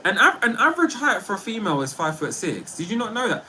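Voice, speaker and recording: A chatty man hosting a livestream, his fairly high voice swinging up and down with lots of life. His tone is bright and forward, and he talks playfully to his chat. A faint hiss sits under the recording. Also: sing-song, fast talker, rough recording. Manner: chatty and playful, often laughing. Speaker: livestream host. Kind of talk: casual livestream chat reading viewer comments.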